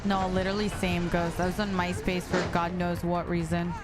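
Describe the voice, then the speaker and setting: A woman's voice: on the low side, level tone, normal speed. A young adult woman streaming a game, chatting casually in a playful, teasing way and laughing often. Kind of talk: casual gameplay chat. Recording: stream with music underneath.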